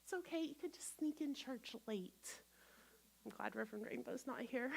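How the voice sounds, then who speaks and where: A woman guest minister, giving an animated sermon in a church and acting out inner voices. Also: a little high, normal speed, vocal fry. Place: church sanctuary.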